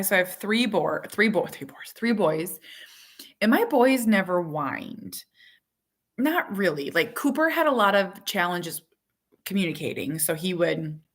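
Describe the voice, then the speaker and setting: A woman in her thirties, a mother, talking casually on a live chat stream, rambling with many fillers and quick laughs. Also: fairly low pitch, a bit bright.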